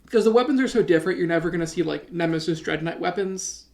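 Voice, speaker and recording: A man co-hosting a casual tabletop hobby discussion, agreeable and quick to chime in. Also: a little high, creaky, a little mellow. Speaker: co-host.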